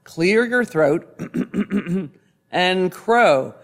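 A man's voice: fairly high pitch, animated, slow. A man doing a polite snuffling farm pig. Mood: courteous. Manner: formal, stately phrasing.

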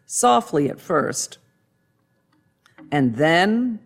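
Gentle storybook narrator, male; unhurried, slightly high. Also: very animated. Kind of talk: storybook reading aloud.

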